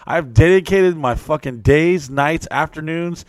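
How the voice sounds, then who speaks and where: A man's voice: a little high, a little slow, no room sound. A man hosting a casual podcast chat, swearing freely and acting out other people's voices as he tells stories. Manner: profane, animated storytelling with mimicked voices. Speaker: podcast host.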